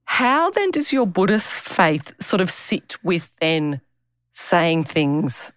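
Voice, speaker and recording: Woman, 50s, podcast host, encouraging, animated intonation, dry close sound. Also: fairly low pitch, takes it slowly, no room sound. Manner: warm, affirming and encouraging questions. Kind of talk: interviewing a guest.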